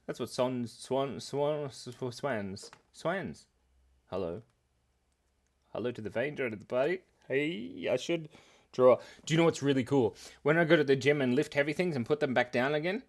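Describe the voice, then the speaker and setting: A man's voice: medium pitch, big pitch swings, moderate pace. A man in his thirties, a cartoonist hosting a casual live stream, rambling and giggling as he reads the chat at his computer. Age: 30s. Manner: rambling, giggly and playful, often laughing.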